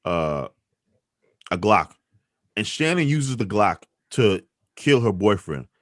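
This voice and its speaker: A man hosting a podcast, arguing his opinions in an emphatic, animated way. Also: on the low side, takes it slowly, no echo, clean studio sound. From New York City. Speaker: podcast host.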